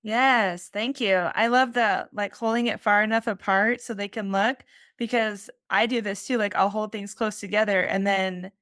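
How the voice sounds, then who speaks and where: A woman's voice: medium pitch, fairly even intonation, normal speed, fairly bright tone, dry recording, studio quality. A woman hosting a podcast interview, enthusiastic and rambling as she asks her questions. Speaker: podcast host. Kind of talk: casual interview conversation.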